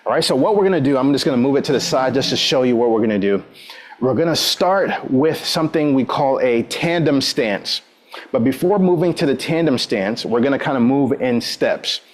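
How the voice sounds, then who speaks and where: A man's voice: medium pitch, expressive, a little fast. A man leading a guided exercise class, giving upbeat, encouraging cues and counting down between moves, often saying "all right". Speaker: exercise instructor.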